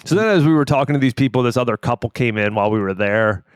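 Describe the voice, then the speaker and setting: A man's voice: medium pitch, fast, clear, resonant tone, no room sound, clean studio sound. A man co-hosting a podcast, telling a story in a casual chat, laughing often and acting out what people said. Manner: laughs often, animated storytelling with acted-out quotes. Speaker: podcast co-host.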